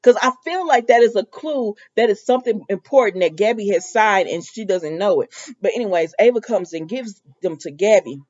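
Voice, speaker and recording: Give me a chatty woman recapping a soap, mellow and a bit muffled. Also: mid-range voice, fairly quick. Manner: animated storytelling, sassy asides to characters. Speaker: soap opera recap vlogger. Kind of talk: casual recap with quoted dialogue.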